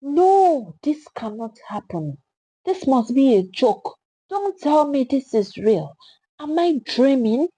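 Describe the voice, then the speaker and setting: A woman voicing a grief-stricken young husband who shouts in fury and disbelief. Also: big pitch swings, slow pace, breathy edge, no echo, exaggerated voice, low-quality recording. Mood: disbelieving. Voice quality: shouting, high-strung.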